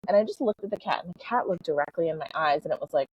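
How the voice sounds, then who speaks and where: Husky low-voiced woman telling a story. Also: animated, racing, no echo. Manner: chatty, full of "like" and "you know", laughs easily. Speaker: podcast guest, spiritual coach. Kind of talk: casual storytelling in an interview. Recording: slightly dull lo-fi sound.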